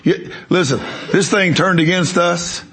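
A man's voice: sits high, unhurried, fairly bright tone. A man preaching a sermon, telling a story emphatically and repeating words as he builds it.

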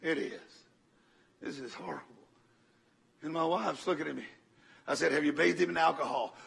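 An older man delivers a sermon in a gravelly, husky rasp, his voice unusually high and bright for a man. Speaking at normal speed, he tells his story dramatically, swinging from loud bursts to hushed murmurs.

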